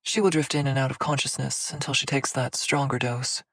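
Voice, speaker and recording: A woman's voice: a bass voice, a little fast, no room sound. A woman playing a cool, cryptic seer. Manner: calm and knowing.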